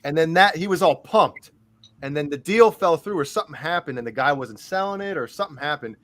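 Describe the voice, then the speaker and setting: A man's voice: on the high side, animated, fairly quick, a bit bright. A man telling a story among friends, starting with some hesitation and then acting out his own quoted lines with energy.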